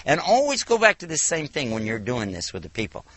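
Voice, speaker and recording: A man from the United States giving a televised religious lecture, telling stories with animated, acted-out dialogue. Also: medium pitch, a little fast, no echo. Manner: animated storytelling, acts out dialogue. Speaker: Islamic lecturer.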